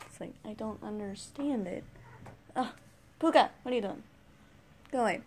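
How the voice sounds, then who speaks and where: A woman's voice: medium pitch, normal speed, a little mellow, slight background noise. A teenage girl vlogging a casual rant to camera, rambling and sighing as she complains. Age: teens. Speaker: YouTube vlogger.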